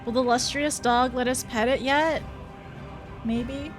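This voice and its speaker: A woman's voice: sits high, steady tone, slow, faint music behind. A young woman streaming a game, chatting casually with her viewers, flustered and often laughing. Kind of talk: casual live-stream chat while gaming.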